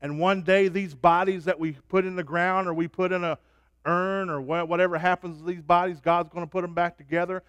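A man preaching a sermon, swinging from soft, low asides to loud, rising proclamations. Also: steady tone, fairly quick, clear, resonant tone, dry recording.

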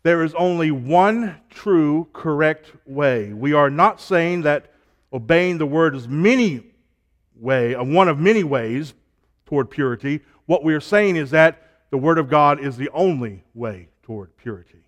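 A man preaching a sermon, stacking emphatic repeated phrases and dropping to a low, quiet delivery between them. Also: animated, a little slow.

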